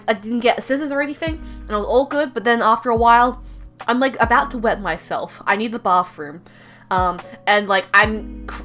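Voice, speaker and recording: A woman's voice: on the high side, a bit bright. A young woman casually telling a rambling story, heavy on fillers and self-mocking.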